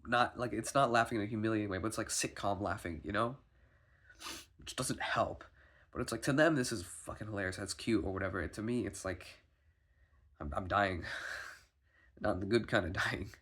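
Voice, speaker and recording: A man's voice: on the low side, moderate pace, long pauses, a bit bright, breathy edge. A sick man rambling anxiously in a personal video diary, stumbling and restarting often, swearing. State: sick, foggy. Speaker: vlogger.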